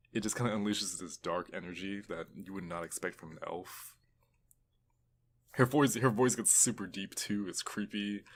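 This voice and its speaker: A man's voice: low voice, fairly bright tone, slight background noise. A young man co-hosting a podcast, chatting casually and enthusiastically with frequent restarts. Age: young adult. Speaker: podcast co-host. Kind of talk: casual chat.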